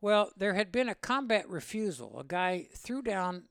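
A man calmly telling a war story from his own service, in a plain, matter-of-fact way. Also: sits high, normal speed, creaky, no room sound, clean studio sound. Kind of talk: spoken recollection in an interview.

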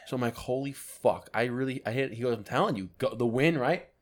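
A man co-hosts a laid-back podcast and tells a story in casual chat. His delivery is animated and full of swearing, in a voice of middling pitch. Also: a little fast. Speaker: podcast co-host.

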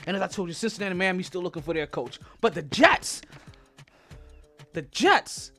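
A man's voice: sits high, sing-song, moderate pace, bright, forceful tone, faint music behind. A man hosting a sports podcast, ranting in a heated, profane way and stumbling over repeated words when riled up. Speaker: podcast host. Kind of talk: sports rant.

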